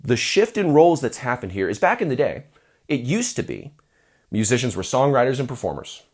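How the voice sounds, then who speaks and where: A man's voice: mid-range voice, big pitch swings, brisk. A man coaching musicians on their careers in casual advice talk to camera. He jokes and acts out quoted voices.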